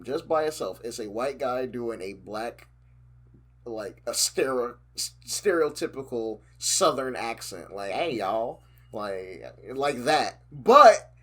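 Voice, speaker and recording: A man co-hosting a casual podcast at a middle pitch, talking with a lively, swinging intonation. He rambles, piles on fillers and restarts his thoughts as he chats. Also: slow pace. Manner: animated, rambling, many fillers. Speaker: podcast co-host.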